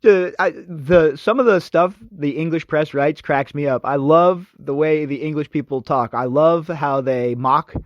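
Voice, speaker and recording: A man's voice: a little high, unhurried, few pauses, dry recording, highs cut off. A male radio host giving a sarcastic, mocking, opinionated commentary monologue.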